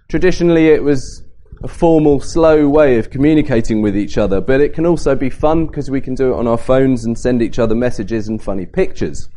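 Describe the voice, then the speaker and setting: A man giving a Bible talk at a camp, lively and varying his pace and emphasis to make points. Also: medium pitch. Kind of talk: sermon to a youth camp.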